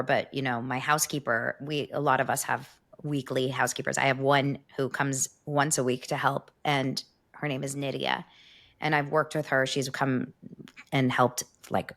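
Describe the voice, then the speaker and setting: A woman co-hosting a podcast in casual chat, rambling and halting with frequent restarts. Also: extremely low pitch, a bit bright. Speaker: podcast co-host.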